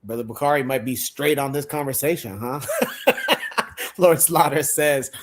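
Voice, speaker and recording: Male podcast host, lively storyteller, laughs a lot. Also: mid-range voice, measured pace. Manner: laughs often, animated storytelling. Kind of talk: casual chat.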